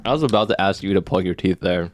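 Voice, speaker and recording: A man's voice: low voice, quick pace, music in the background. A man co-hosting a podcast, chatting casually and ribbing the others playfully. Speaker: podcast co-host. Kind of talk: casual chat. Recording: noisy recording.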